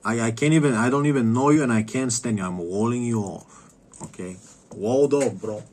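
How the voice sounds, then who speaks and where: A man streaming a game, rambling in a profane, contemptuous rant that keeps trailing off into low mutters. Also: brisk, a little mellow, a little hiss or hum. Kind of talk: casual rant while gaming.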